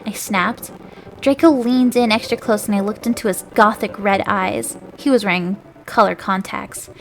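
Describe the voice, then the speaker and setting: A woman's voice: on the high side, slight background noise. A young woman streamer reading a story aloud for laughs, breaking off with asides and stumbling over names. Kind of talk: comedic dramatic reading aloud.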